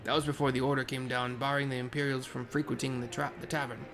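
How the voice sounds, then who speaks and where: A man's voice: mid-range voice, little pitch movement, fast talker, over music, natural voice. A man voicing a chatty, gossipy male lizard-folk shopkeeper in a game.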